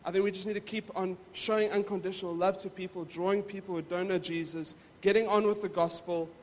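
A man's voice: high-pitched, steady tone, fairly quick, a little hiss or hum. A male pastor preaching in a casual, conversational way, often repeating words as he goes. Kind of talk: casual sermon. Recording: reverberant hall.

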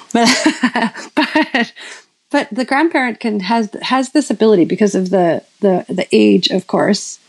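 A woman's voice: mid-range voice, slow pace, vocal fry, low-quality recording. A woman in her fifties preaching in a casual storytelling way, rambling with many restarts and self-corrections. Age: 50s. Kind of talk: sermon-style storytelling.

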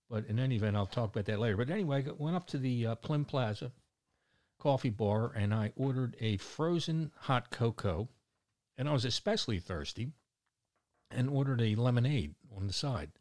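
A man's voice: medium pitch, darkish tone. A man in his sixties with a Baltimore accent, rambling bluntly and cracking jokes in a casual monologue. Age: 60s. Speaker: vlogger.

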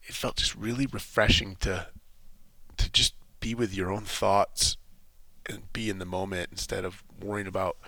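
A man with a low, gravelly voice talking through his thoughts in a loose monologue, stopping and restarting as he goes. His tone is bright and forceful, and the recording is dry and close. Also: little pitch movement, moderate pace, no echo. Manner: rambling, thinking aloud with many restarts. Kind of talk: casual spoken monologue.

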